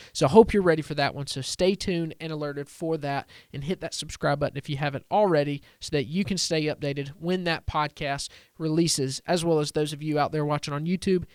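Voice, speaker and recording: A man's voice: on the high side, smooth, no room sound. A man reading a podcast's scripted outro with an upbeat, promotional delivery. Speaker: show announcer. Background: faint music.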